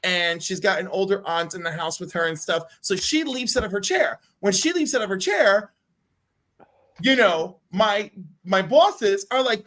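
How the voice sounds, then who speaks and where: Guest on a hangout stream telling a story, super animated, acts out everybody's lines. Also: mid-range voice, normal speed. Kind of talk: casual storytelling chat. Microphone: video call.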